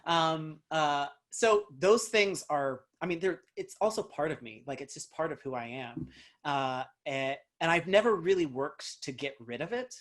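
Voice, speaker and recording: This man speaks with a light Southern accent that slips in now and then. He is a dialect coach giving casual interview answers, reflective and thinking aloud as he goes. His voice sits a touch higher than average for a man. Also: animated, a little slow, fairly bright tone. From North Carolina, USA. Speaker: actor and dialect coach, guest.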